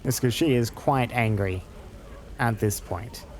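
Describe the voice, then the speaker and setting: A man's voice: mid-range voice, a little slow, slight background noise. A man hosting a casual let's play, reading the dialogue aloud and adding jokey asides. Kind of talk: game playthrough commentary.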